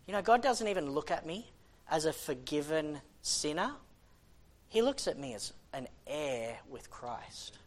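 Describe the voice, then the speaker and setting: A man's voice: a little high, sing-song, measured pace. A man preaching a sermon in an impassioned, conversational way, often restarting his sentences.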